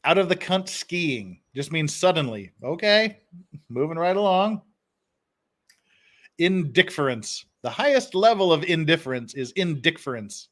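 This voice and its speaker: A man's voice: fairly high pitch, big pitch swings, measured pace, fairly bright tone. Chuckling man hosting a live stream. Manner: chuckles often, reads phrases aloud. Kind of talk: casual live-stream commentary.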